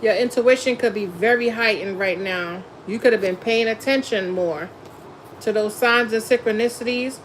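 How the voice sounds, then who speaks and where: A woman's voice: on the high side, normal speed, a little hiss or hum, rough recording. A woman tarot reader chatting casually on a live stream, laughing often and talking in a blunt, slangy way. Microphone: phone or webcam on a live stream.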